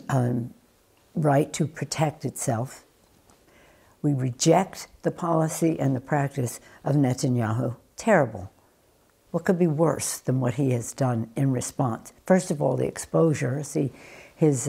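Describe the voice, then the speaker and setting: Low gravelly voice of an older woman. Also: dark tone. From United States. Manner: deliberate, emphatic, with frequent restarts and fillers. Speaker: interviewee, former politician. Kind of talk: news interview.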